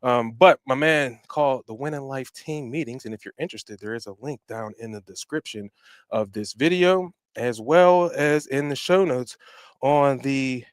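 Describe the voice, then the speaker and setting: A man hosting his own podcast, giving energetic, slangy shout-outs that swing between loud bursts and quiet asides. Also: mid-range voice, normal speed, no room sound. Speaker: podcast host.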